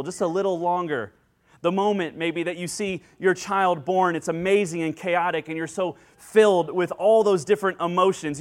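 Earnest man preaching a sermon. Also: fairly high pitch. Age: adult with children. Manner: earnest, excitable, acts out joyful quotes. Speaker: pastor. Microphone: handheld microphone.

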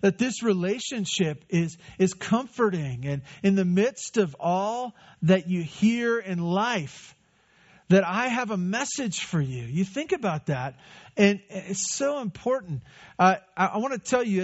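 A man's voice: high-pitched, dull audio. A man preaching a sermon in a conversational way, asking rhetorical questions and answering them. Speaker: pastor.

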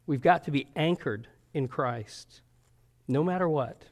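A man delivering a sermon in an earnest, conversational manner. His voice sits a little high for a man. He often stops to check in with his listeners, asking "right?" as he goes. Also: unhurried. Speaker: preacher.

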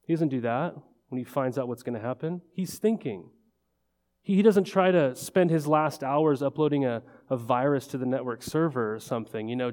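A male pastor preaching in a relaxed, talky way, pitched a little high for a man but with a warm, mellow tone. He keeps checking in with the room through rhetorical questions. The sound hangs in the long reverb of a large church hall. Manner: conversational, full of rhetorical questions and "right?". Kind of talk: sermon.

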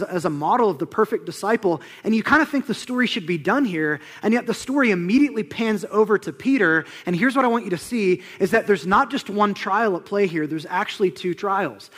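A young man preaching with lively, conversational energy, his voice sitting a little high. He acts out the people in the passage and sinks to near-whispers for weighty points. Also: a little fast. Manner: animated, conversational preaching with dramatic drops to a hush. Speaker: pastor. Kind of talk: sermon.

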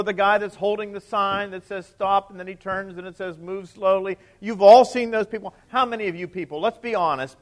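Preaching to his congregation, a priest speaks conversationally and asks them questions. At the close of each quoted line, his voice sinks to a soft, low register.

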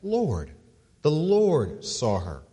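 Pastor guy preaching in church, husky voice, long echoey hall, repeats himself then goes quiet on big lines. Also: lively intonation, a little slow. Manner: repeats words while building to a point, drops low and soft on key phrases. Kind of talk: sermon.

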